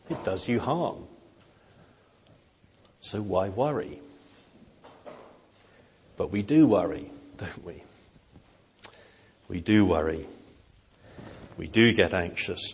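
A man preaching a sermon in a slow, gentle, earnest way, with emphatic rises. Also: on the low side, lively intonation, a little hiss or hum. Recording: long hall reverb.

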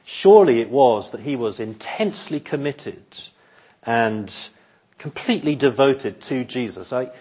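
Husky-voiced man preaching a measured sermon. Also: mid-range voice, expressive, dark tone, dull audio. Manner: measured, earnest, repeats words while thinking. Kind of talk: expository sermon.

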